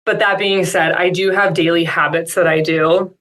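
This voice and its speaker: A woman's voice: lowish voice, fairly even intonation, moderate pace, a bit bright. A woman speaking as an expert guest on a coaching call, reflective and upbeat, with many casual fillers.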